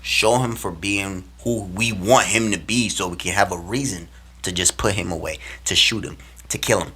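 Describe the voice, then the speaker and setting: A young man from Minnesota telling a personal story to camera in a casual, slangy, animated way, swinging between loud and hushed. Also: low-pitched, husky. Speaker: vlogger.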